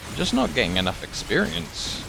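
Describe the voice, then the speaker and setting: A man giving casual live commentary as he plays a video game, thinking aloud with excitable outbursts. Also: on the high side, a little fast, creaky, music in the background. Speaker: gaming channel host.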